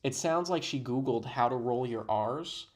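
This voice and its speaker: A man's voice: medium pitch, normal speed. A man giving sarcastic, mock-serious commentary on a video he is playing. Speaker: reaction commentator.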